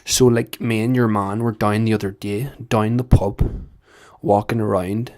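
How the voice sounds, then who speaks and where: A man's voice: fairly low pitch, little pitch movement, unhurried, darkish tone, natural voice. A man voicing a rambling young man with a Northern Irish accent who tells a sweary story full of tangents. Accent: Northern Irish (put on). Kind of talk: comic accent impression monologue.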